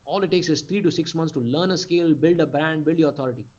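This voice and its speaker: A man's voice: on the high side, fast talker, a little mellow. A man with an Indian English accent giving a motivational webinar talk as a mentor, emphatic and repeating phrases for stress. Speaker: mentor and coach. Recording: lo-fi webinar audio.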